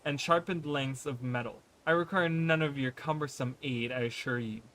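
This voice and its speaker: A man's voice: medium pitch, normal speed, fairly bright tone, lightly acted. A man voicing a haughty, rude male wanderer who talks in fancy words, reading the lines aloud and stumbling on long words.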